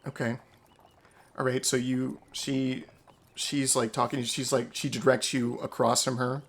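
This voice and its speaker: A man's voice: medium pitch, flat delivery, a little slow. A man narrating a tabletop role-playing game as game master, loose and chatty, with many fillers.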